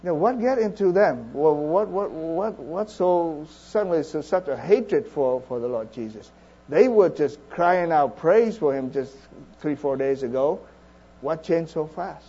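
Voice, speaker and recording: Mellow-voiced man preaching haltingly. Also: fairly high pitch, lively intonation, breathy edge, highs cut off. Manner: halting, many restarts and fillers, earnest. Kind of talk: sermon.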